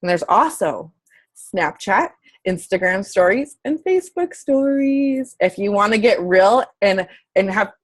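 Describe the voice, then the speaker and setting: A woman's voice: mid-range voice, expressive, measured pace. A woman fitness coach in her thirties, talking to camera in a candid, chatty way and swearing casually. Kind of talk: casual motivational talk to camera.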